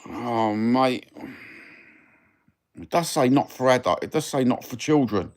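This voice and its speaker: A man's voice: mid-range voice, lively intonation, unhurried, darkish tone. A middle-aged man with a Cockney accent, rambling cheekily and swearing freely while chatting on a live stream. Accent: Cockney London. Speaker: livestream host. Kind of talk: casual live-stream chat.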